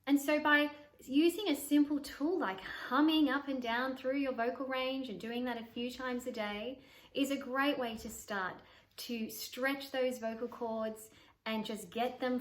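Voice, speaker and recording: A woman voice coach giving an instructional talk to camera, demonstrating vocal exercises by shifting her pitch and volume. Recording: roomy echo.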